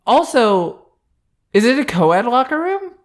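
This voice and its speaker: Slow-talking, amused podcast co-host. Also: mid-range voice, sing-song. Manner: amused, laughing reactions and questions. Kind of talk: casual podcast chat.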